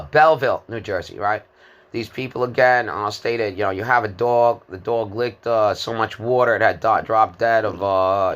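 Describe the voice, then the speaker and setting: Man, 50s, lowish and bright, forceful voice; rambling, halting monologue full of fillers. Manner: disjointed, hesitant, many fillers and repeated words.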